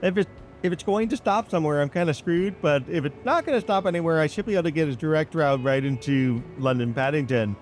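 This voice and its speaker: A man's voice: a little high, fast, faint music behind. A man hosting a train-simulator gameplay video, chatting casually and telling rambling stories straight to his viewers. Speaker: gaming channel host. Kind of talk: casual gameplay chat and storytelling.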